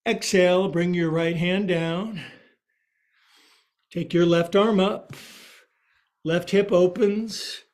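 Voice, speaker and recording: A man's voice: high-pitched, fairly even intonation, takes it slowly, long pauses. A man teaching a guided yoga class, calling out poses, counting holds aloud and joking about words along the way. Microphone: livestream from his own space.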